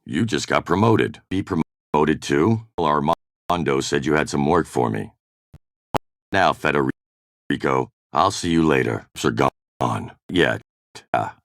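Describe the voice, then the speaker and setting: An actor playing a hard-bitten, mercenary privateer captain in video game voice-over takes, with curt, sardonic lines. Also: male voice, rumbling low, lively intonation, slow, a bit bright, dry recording, clean studio sound, full character voice. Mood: gruff. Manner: curt, sardonic one-liners. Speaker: voice actor in game recording sessions.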